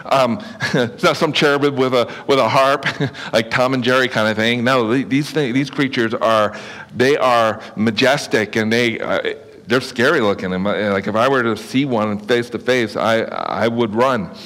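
A man preaches from the pulpit in a relaxed, conversational way, stumbling into restarts and quick asides as he explains his points. His voice sits at an ordinary middle pitch. The sound rings with the long reverb of a large church hall. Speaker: pastor. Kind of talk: sermon.

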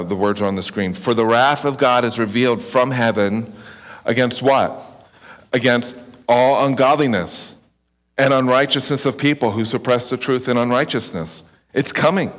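A man preaching a sermon in a conversational, earnest way, often restarting his phrases and adding asides. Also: mid-range voice. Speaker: pastor. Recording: long reverb of a hall.

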